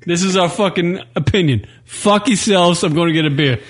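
A man co-hosting an internet radio show, ranting in loud, profane, crude banter. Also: sits high, moderate pace. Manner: loud, profane, riffing rants.

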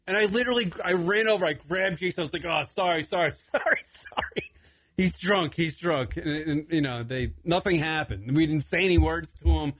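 A man's voice: a little high, a little fast, hardly any pauses, no room sound. A young adult man hosting a radio talk show, telling a long story casually, swearing freely and laughing as he goes. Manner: animated, swearing often, laughing through the story.

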